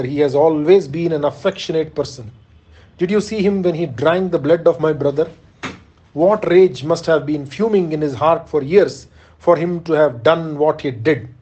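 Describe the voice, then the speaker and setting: A man's voice: on the high side, dark tone, highs cut off, lightly acted. A man reading the part of a proud warrior king who resolutely refuses peace, in an audiobook of an epic. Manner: resolute, defiant.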